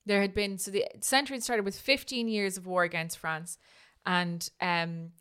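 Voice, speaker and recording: A woman with a smooth, clear voice tells a history story on a casual podcast, pitched in the middle of the female range. She talks chattily, restarts her sentences and keeps checking in with "right?". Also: fairly even intonation, moderate pace, a bit bright. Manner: chatty, restarts often, tag questions.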